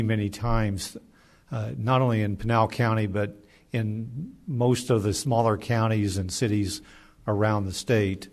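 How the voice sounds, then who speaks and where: A man's voice: on the low side, a little mellow. A man chairing a county meeting, speaking formally and courteously.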